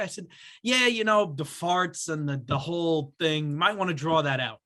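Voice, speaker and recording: Bright-voiced young man telling a story. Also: fairly high pitch, normal speed. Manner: animated storyteller acting out voices. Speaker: podcast co-host. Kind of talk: casual chat.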